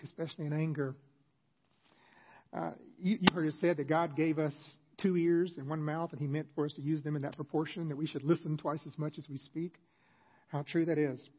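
A man's voice: on the high side, moderate pace, slightly rough, muffled recording. A middle-aged man, a pastor, giving an earnest, conversational sermon with self-deprecating asides.

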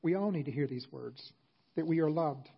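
A man's voice: on the high side, moderate pace, creaky, slightly rough, muffled recording. A middle-aged man, a pastor, giving an earnest, conversational sermon with self-deprecating asides.

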